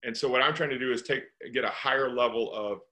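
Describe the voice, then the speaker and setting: A man's voice: mid-range voice, quick pace, pushed and bright, rough recording. A middle-aged man from St. Louis, a real estate investor being interviewed, talking earnestly and piling up rhetorical questions. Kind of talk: conversational interview.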